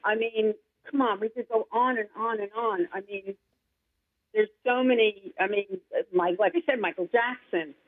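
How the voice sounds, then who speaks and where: A woman guest singer-songwriter chatting in an interview, gushing and rambling with excitement. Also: medium pitch, moderate pace, no room sound. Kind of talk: casual interview chat. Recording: tinny phone line, dry.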